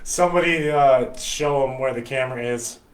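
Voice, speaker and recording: A man's voice: medium pitch, normal speed, reverberant, slight background noise, rough recording. An American man hosting a podcast, giving a blunt, profane, rambling opinion monologue. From United States. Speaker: podcast host.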